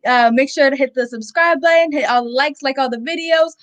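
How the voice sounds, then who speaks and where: A thirteen-year-old girl with a high voice speaks as a guest on a talk show. She keeps her words brief and plain and sounds a little shy. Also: fairly quick, fairly bright tone. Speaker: guest, daughter.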